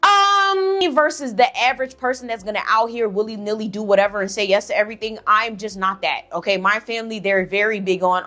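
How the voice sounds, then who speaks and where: A young woman telling a story on her vlog in blunt, profane, sassy casual chat, with animated asides. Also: on the high side, a little fast, hardly any pauses.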